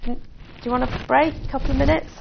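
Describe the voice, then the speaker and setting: A woman's voice: high voice, steady tone, fast, gravelly, muffled recording, noisy background. A woman giving an informal teaching talk to a small group as a church leader, conversational and full of restarts. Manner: conversational, with restarts and light laughs.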